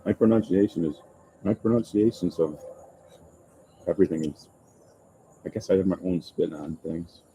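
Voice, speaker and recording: A man hosting a casual live chat for his channel, rambling and self-deprecating, with halting restarts. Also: deep voice, warm tone, a little hiss or hum, low-quality recording. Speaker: YouTube channel host. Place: open-air restaurant overlooking the ocean.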